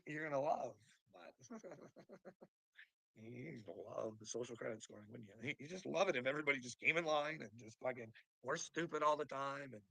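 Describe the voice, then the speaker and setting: Male streamer, gravelly and bright, dry close sound. Profane, mocking rant, laughing often. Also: medium pitch, no room sound, rough recording. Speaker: live streamer. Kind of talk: rambling livestream rant.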